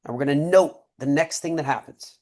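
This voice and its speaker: On a webinar, a trading mentor leads a group through a breathing and mindset exercise, coaching them along and repeatedly checking in with "okay?" and "right?" His voice is a little high and a little mellow, and his pace is brisk.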